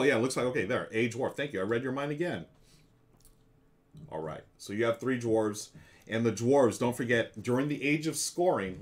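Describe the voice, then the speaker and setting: A man hosting a live stream, casually walking his chat through a board game's rules and moves, with many fillers. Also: mid-range voice. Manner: chatty, explains moves aloud to chat with frequent fillers.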